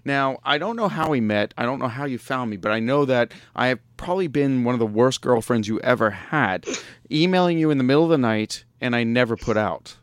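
A man's voice: medium pitch, expressive, brisk, clean tone, no echo, clean studio sound. A man hosting a casual internet radio interview, joking and laughing often as he rambles along. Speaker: radio show host.

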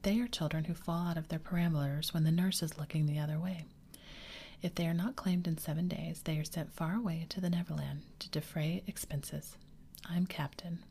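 A woman's voice: deep voice, steady tone, normal speed, warm tone. Woman whispering as Peter, a carefree boy. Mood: gleeful. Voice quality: breathy whisper. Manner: eager, boyish, carefree. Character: cheerful boastful boy who never grows up. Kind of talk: whispered role-play.

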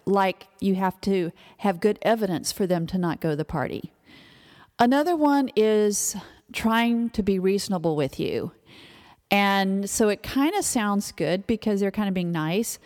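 A woman's voice: mid-range voice, lively intonation, moderate pace, a little mellow, big-room sound. A woman giving an instructional talk to parents in a conversational, emphatic way, with asides. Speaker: parenting speaker.

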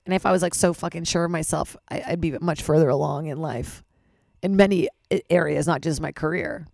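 A woman hosting her own podcast, talking frankly and rambling, swearing and poking fun at herself, with a hoarse voice from losing it. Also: low voice, a little fast, a little mellow, dry recording, clean studio sound. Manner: frank, rambling, swears freely, self-deprecating. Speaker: podcast host. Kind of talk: candid solo podcast monologue.

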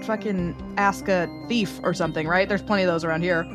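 A woman's voice: fairly low pitch, fairly even intonation, a little fast, music in the background. A woman playing a tabletop game, chatting casually, hesitant and swearing freely. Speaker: player. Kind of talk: casual play chat.

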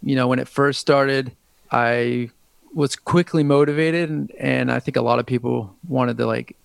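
A man in his thirties with a gravelly, creaky voice chats as an interview guest, stopping and restarting his sentences often. The recording is dry and close, with no room sound. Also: mid-range voice, steady tone, moderate pace, no echo. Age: 30s. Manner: hesitant, rambling, many restarts. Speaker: musician guest. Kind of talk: casual interview chat.

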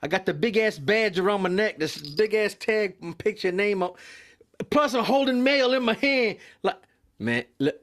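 A young man tells a workplace story on a podcast, loose and profane and full of energy. His voice sits a little high, and he jumps into quick impressions of other people. It is casual storytelling from start to finish. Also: a bit bright. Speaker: mail carrier.

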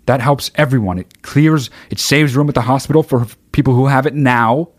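A man on a livestream, venting hard and cursing in nearly every line, his voice jumping into loud shouts. His pitch sits in an ordinary middle range for a man. The sound is dry and close, with no room echo. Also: normal speed. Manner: heated, swears constantly, bursts of shouting. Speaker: livestreamer reading chat. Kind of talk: profane livestream rant.

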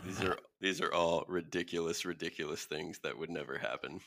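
A man co-hosting a casual podcast, loud and mock-outraged as he banters. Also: sits low, fairly quick. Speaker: podcast co-host.

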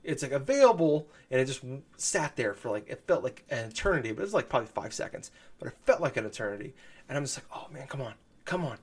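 A man with a mid-range, slightly rough voice chats casually about video games on a podcast. He talks quickly with big pitch swings, rambling through lots of fillers and restarts.

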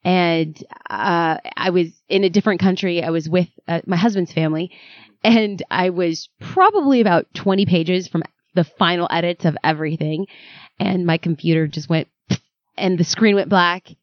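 A woman guest on an interview podcast, telling her story in a dramatic, animated way. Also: lowish voice, normal speed, no room sound, muffled recording. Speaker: author and guest.

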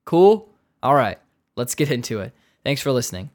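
A man's voice: mid-range voice, very animated, moderate pace. A man hosting a hockey podcast, talking casually with rambling asides, joking tangents and many fillers. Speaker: podcast host.

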